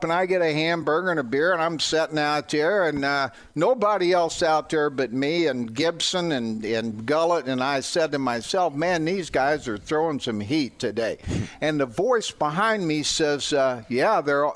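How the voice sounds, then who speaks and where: An older man from the St. Louis area, a radio guest telling a personal anecdote with animated quoted voices. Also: a little high, normal speed. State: gets emotional. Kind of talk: anecdote on a sports talk radio show.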